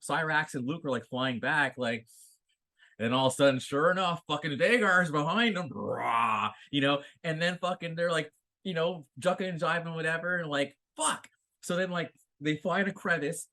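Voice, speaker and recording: Profane man, bright animated recap. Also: fairly high pitch. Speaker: podcast co-host. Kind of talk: casual recap of a TV episode.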